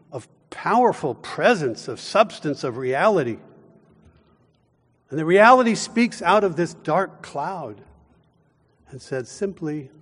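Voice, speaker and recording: A man delivering a sermon, his voice pitched a little above the usual for men. He preaches slowly and deliberately, leaning on emphasis and long dramatic pauses. His words ring out with a long reverb, as if recorded in a large hall. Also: slightly rough. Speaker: pastor.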